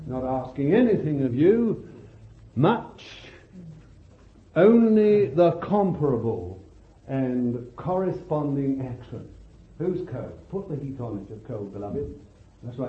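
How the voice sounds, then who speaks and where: A man preaching a sermon with fervor, calling out hallelujahs and swinging between loud bursts and hushed words. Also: medium pitch, slight background noise. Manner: slow deliberate delivery, stretching key words. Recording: echoey hall, tinny lo-fi sound.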